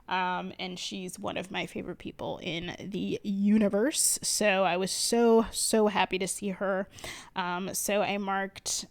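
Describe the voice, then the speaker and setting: A chatty woman from Connecticut talks through her planner in a relaxed voiceover. Her voice has a gravelly fry, and her pitch sits in the middle. She rambles, laughs a lot and calls her listeners "y'all.". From Connecticut, USA. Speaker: planner vlogger. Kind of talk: casual voiceover narration. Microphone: voiceover mic.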